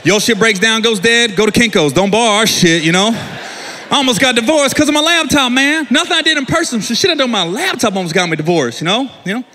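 A man performing a stand-up comedy set, telling a story in an animated way and yelling his punchlines loud. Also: very high-pitched, brisk, big-room sound, slight background noise.

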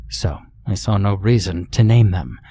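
A man's voice: low-pitched, lively intonation, normal speed, dark tone, breathy edge, full character voice. A man voicing a theatrical, courtly doctor with a sinister showman's air, in a horror storybook narration. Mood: showy. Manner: grand, courtly, speaks of "my dear".

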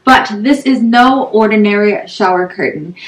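Reviewing a shower curtain, a young woman keeps her vlog chatty and upbeat, dropping "um" and "like" frequently as she talks at a normal speed with a medium-pitched voice. She's in a small home bathroom, so the sound echoes, and the mic sits at a distance.

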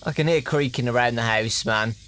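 A man's voice: mid-range voice, fairly quick, fairly bright tone, a little hiss or hum. A young man playing a horror game for viewers, talking his way through it with nervous, jumpy muttering. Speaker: gaming YouTuber. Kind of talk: horror game let's play commentary.

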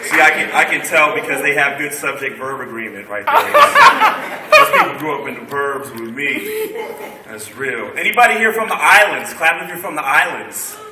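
At a college event hall, a young stand-up comedian with a somewhat high, sing-song voice does crowd work at normal speed, joking loosely with the audience. Recorded from far off in an echoey room, it has loud crowd noise as people laugh and clap.

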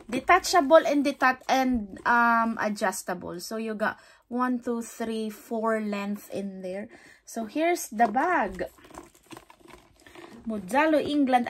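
A woman filming a casual haul vlog at home, chatty, excited about bargains and repeating "guys" as she shows each item. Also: sits high. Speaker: vlogger. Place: home, indoors.

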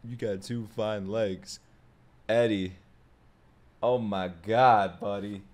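A man hosting an anime reaction, excitable, laughing often and swearing freely in casual commentary. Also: on the low side, takes it slowly.

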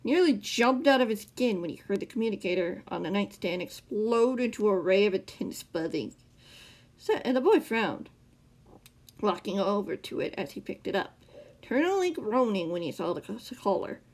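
A woman's voice: mid-range voice, normal speed. A woman reading her own fan fiction story aloud, with occasional stumbles and self-corrections. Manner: expressive narration with self-corrections.

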